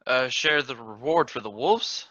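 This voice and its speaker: A man playing in a tabletop game, speaking in character in a halting, stammering way. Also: medium pitch, bright, forceful tone, a little hiss or hum. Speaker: player. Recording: dry, dull lo-fi mic.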